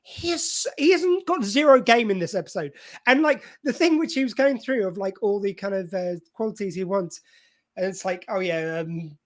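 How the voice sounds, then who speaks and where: Animated man cutting in. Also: sits high, normal speed. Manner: animated, interrupts, acts out quotes. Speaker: podcast co-host. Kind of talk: casual chat.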